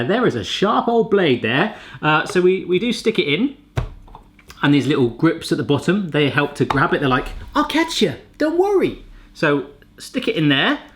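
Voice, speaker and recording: A man hosting a kitchen gadget video, chatting casually and cracking playful jokes. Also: fairly high pitch. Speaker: kitchen gadget reviewer, show host. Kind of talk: casual vlog chat.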